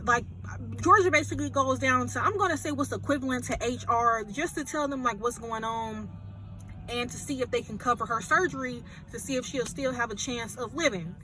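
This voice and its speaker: A woman movie reviewer retelling a film plot in an animated, chatty way. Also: on the high side, a little fast. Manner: animated, chatty storytelling with fillers.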